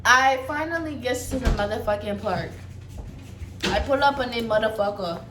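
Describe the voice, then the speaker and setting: A young woman telling a story from her own life in a casual, chatty way, full of swearing and lively asides. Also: a little high, normal speed. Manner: profane, animated, chatty storytelling. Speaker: vlogger telling a personal story. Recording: echoey room with faint background noise.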